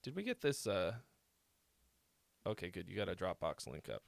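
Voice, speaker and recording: A man's voice: low-pitched, wildly swooping pitch, normal speed, creaky, no echo. A young man hosting a casual livestream, telling rambling stories full of swearing. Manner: laid-back storytelling, heavy swearing. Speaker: host.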